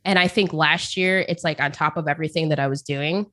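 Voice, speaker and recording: A woman's voice: low-pitched, steady tone, fairly quick, fairly bright tone. A woman guest in a casual interview, rambling and chatty, often laughing and repeating words as she talks about her work as a caster. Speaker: esports caster, podcast guest.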